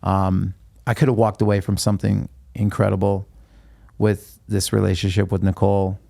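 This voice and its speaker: A man, a guest musician, recounting a personal story in an interview, halting with frequent restarts. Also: fairly low pitch, flat delivery, gravelly, dark tone, no room sound, studio quality.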